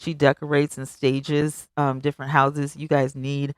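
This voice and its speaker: A woman with a clean tone speaks a little slowly as she hosts a live stream, chatting emphatically and reading her viewers' comments. Her voice is animated, swinging high on exclamations as she talks right to them. Studio quality, no room sound.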